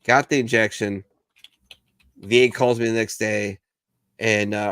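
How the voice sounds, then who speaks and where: A man with a fairly low voice talks in a loose, bar-style chat among veterans. He swears freely and tells stories bluntly, switching into the voices of the people he describes. His voice sounds close and dry, with no room echo. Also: steady tone, unhurried, fairly bright tone, smooth. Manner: profane, blunt storyteller who acts out others' lines. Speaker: veteran podcast co-host.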